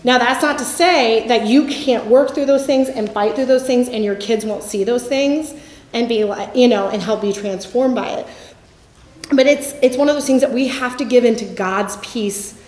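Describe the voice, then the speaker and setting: A middle-aged woman giving a candid Christian teaching talk, speaking conversationally and telling stories, often trailing off softly at the ends of thoughts. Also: on the high side, normal speed, echoey room.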